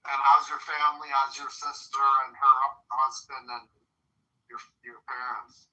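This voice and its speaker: A man on a phone call, slowly asking short questions about family and home. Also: medium pitch, level tone, bright, forceful tone, recorded from a distance. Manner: slow, asks short questions. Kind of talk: casual phone chat. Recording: tinny phone line.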